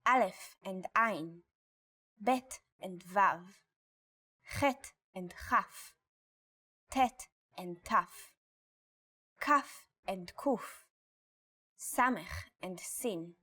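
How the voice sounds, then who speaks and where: Language teacher, woman, unhurried and precise, mid pitch. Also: animated, bright, forceful tone. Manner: slow, careful pronunciation of example words. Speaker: Hebrew teacher. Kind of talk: scripted language lesson.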